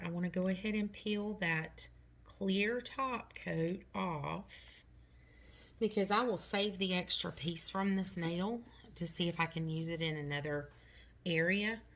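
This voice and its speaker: A woman's voice: on the low side, a little hiss or hum. A middle-aged woman talking through a nail tutorial step by step, chatty and reassuring.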